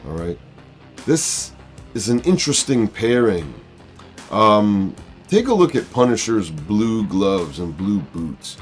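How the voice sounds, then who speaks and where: A man hosting a casual comic book review, talking in a halting way with many fillers. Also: fairly low pitch, sing-song, soft background music. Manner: halting, full of uh and um. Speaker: comic book video host.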